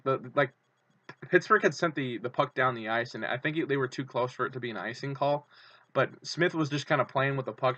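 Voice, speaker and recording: A man vlogging, telling a long story in a casual, excitable way, full of fillers and restarts, getting loud when thrilled. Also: mid-range voice, no room sound, lo-fi sound.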